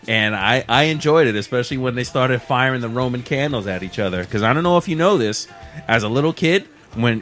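A man's voice: medium pitch, fairly bright tone. Profane, opinionated man chatting. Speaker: podcast co-host reviewing wrestling. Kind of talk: casual chat.

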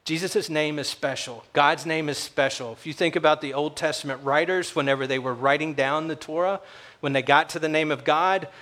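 A man's voice: fairly high pitch, fairly bright tone. A man preaching a sermon as pastor, telling stories in a conversational way and acting out the voices of the people in them. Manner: conversational storytelling, acts out quoted voices.

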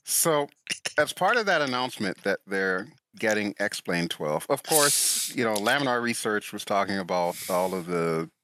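A man's voice: on the low side, normal speed, a little hiss or hum. A man co-hosting a flight simulation podcast, chatting casually and telling stories in an enthusiastic, joking way. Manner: enthusiastic, jokey, animated storytelling. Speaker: podcast co-host. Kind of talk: casual chat.

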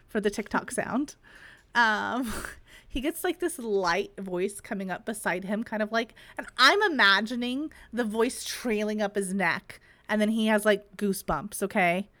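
Brief: a woman co-host recapping a chapter, brightly and profanely, with lots of giggles. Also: medium pitch, no room sound. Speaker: podcast co-host. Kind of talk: casual book-discussion chat.

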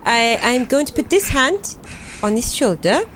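A kind, patient woman adventurer from a tabletop role-play, coaxing and gentle, as a woman plays her. Her pitch rises and falls in a very lively way, with faint room noise behind her. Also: unhurried, low-quality recording. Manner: gentle, coaxing, with little restarts.

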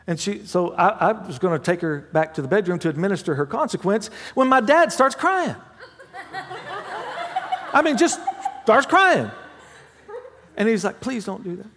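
A man preaching a sermon as pastor, mixing humorous family stories with hushed prayer. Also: high-pitched, expressive, normal speed, long pauses, crowd noise. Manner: dramatic swings from loud to hushed prayer; humorous storytelling with laughs. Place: church sanctuary. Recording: long hall reverb.

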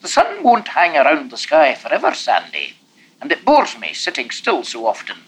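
Weary grown man, patient but short-tempered, read by a man, lively pitch. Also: moderate pace, slight background noise, rough recording. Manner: patient but easily irritated.

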